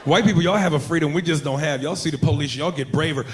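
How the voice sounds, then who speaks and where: An American man telling animated, profane stand-up stories to a live crowd. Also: fairly high pitch, fast. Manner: loud, profane, animated storytelling. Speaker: stand-up comedian. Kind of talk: stand-up routine. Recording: live club show with audience noise.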